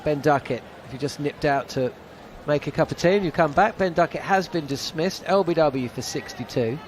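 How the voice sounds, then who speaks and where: A man's voice: a little high, fairly quick, a little hiss or hum. A man giving live ball-by-ball radio cricket commentary, chatty and wry.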